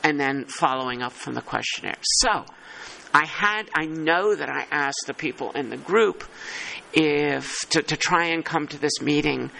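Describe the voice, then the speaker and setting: A man's voice: fairly high pitch, a little slow, creaky, bright, forceful tone, poor audio. A man chairing a working-group meeting, thinking aloud and poking fun at himself. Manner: thinking aloud, self-deprecating.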